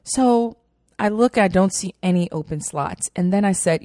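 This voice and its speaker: A young woman telling a personal story in a chatty, animated way, full of fillers. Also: mid-range voice, normal speed, no room sound, studio quality. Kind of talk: casual storytelling.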